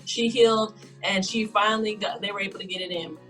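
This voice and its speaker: A woman's voice: mid-range voice, steady tone, fairly quick, fairly bright tone, soft background music, low-quality recording. A woman co-hosting a casual podcast, retelling a story in a rambling way and briefly voicing the people she quotes. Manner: rambling, acts out quoted lines in brief voices. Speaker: podcast co-host.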